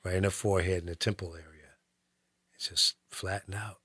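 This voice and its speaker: Brief: male guest, lowish voice, calm and matter-of-fact, close dry sound. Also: a little fast, breathy edge, dry recording. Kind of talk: calm conversational talk.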